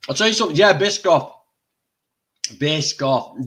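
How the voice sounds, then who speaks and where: A man's voice: on the high side, very animated, measured pace, pauses often, fairly bright tone. An older man hosting a casual livestream, chatty and exclaiming, eating while he talks. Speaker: livestream host.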